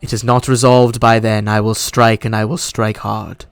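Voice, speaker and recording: A man's voice: lowish voice, level tone, moderate pace, clean tone, no echo, natural voice. A man playing a solemn swan lake spirit woman. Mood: solemn warning. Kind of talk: live tabletop role-play.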